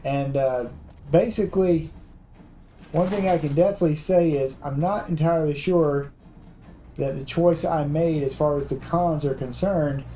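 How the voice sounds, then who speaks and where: A man's voice: fairly high pitch, moderate pace, dark tone, faint music behind, low-quality recording. A man giving rambling, casual commentary over his video game playthrough. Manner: rambling, many fillers and restarts. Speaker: gameplay commentator. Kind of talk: casual let's-play commentary.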